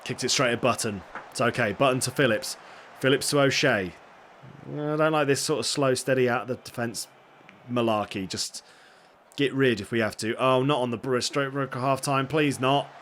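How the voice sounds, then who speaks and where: A man casually commentating his own football management game, getting excitable and swearing when things go wrong. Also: medium pitch, moderate pace, a little hiss or hum. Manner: excitable, swears when frustrated, self-deprecating asides. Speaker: gaming streamer.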